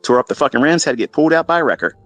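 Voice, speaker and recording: A middle-aged man spins a long, blunt story. His talk is mocking and full of swearing. The sound is dry and close, at a middle pitch. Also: animated, racing, no room sound, faint music behind. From Maryland, USA. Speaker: trading educator. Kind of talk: casual storytelling monologue.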